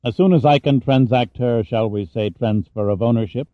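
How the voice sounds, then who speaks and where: A man voicing a cold, scheming middle-aged villain in an audiobook, with a sneering, smug, measured delivery. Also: medium pitch, dry recording, muffled recording, lightly acted. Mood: contemptuous. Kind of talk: audiobook character reading.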